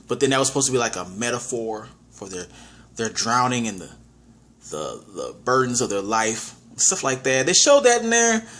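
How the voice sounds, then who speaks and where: A man giving a casual movie review, animated, often restarting his sentences and acting out his own reactions. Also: medium pitch.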